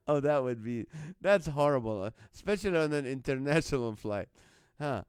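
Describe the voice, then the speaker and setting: A man's voice: medium pitch, expressive, unhurried, long pauses, smooth, no room sound. A man hosting a live online comedy show, reading out viewer jokes, greeting viewers by name and laughing often at the lines.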